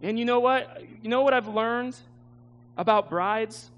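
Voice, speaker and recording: A man's voice: very high-pitched, a little slow, a bit bright, smooth, dull audio. A man preaching a sermon, telling a story with emotion and laughing at himself. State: tearful at times.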